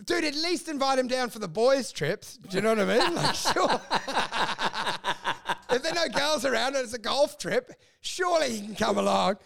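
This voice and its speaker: High-voiced gravelly man, crude banter. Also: expressive, moderate pace, fairly bright tone. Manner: crude, rambling, mock-quoting himself. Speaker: podcast co-host. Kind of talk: casual comedic chat.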